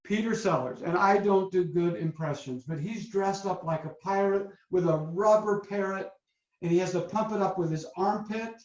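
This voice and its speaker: A man hosting a motivational webinar as a coach, telling stories in a lively, upbeat way over a video call. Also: high-pitched, normal speed. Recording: roomy, dull lo-fi webinar audio.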